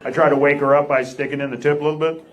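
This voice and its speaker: Male stand-up comic, slightly high voice, punchy one-liner delivery; echoey theater, loud noise. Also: little pitch movement, very fast. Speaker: stand-up comedian. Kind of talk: stand-up comedy set. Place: large theater stage.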